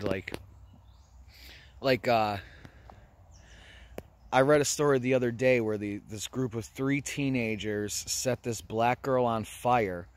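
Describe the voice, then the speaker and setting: An American man chats casually in a vlog, speaking loosely, swearing, and leaning on fillers like "you know." His mid-range voice moves slowly, with frequent pauses.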